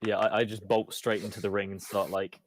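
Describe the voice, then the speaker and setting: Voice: low-pitched, level tone, fairly quick, no echo, studio quality. A player chatting and explaining casually in an online tabletop game.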